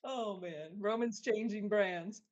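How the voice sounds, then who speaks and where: Woman, podcast co-host, casual and giggly, mid pitch, somewhat lo-fi audio. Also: slow pace, a little mellow. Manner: casual, giggly, asks lots of questions. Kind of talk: casual live podcast chat. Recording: slightly dull, muffled audio.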